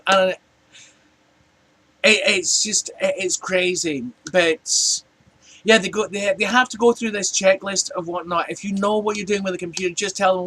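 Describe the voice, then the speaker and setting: Scottish guy in his 40s ranting on a vlog, kinda high voice, rambles and restarts a lot. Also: fairly even intonation, normal speed, pushed and bright. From Scotland. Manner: rambling, chatty, many restarts. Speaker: vlogger. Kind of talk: casual rant.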